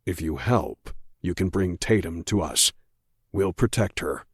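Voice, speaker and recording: A man doing a low, cold federal agent. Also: husky, no echo, clean studio sound. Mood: cold, insistent. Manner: slow, low, quietly threatening. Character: menacing male federal agent, cold and controlled.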